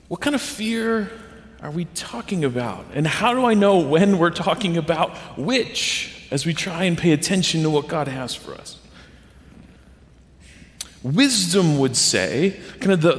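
A man preaches to his congregation in an easygoing, story-driven manner. His voice sits fairly high. Long reverb from the church sanctuary trails each phrase. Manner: conversational storytelling with animated quoted voices. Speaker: pastor. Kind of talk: sermon.

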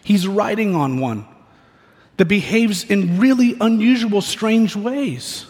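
Male preacher, lively story-driven sermon with playful asides, higher pitch, echoey hall. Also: takes it slowly.

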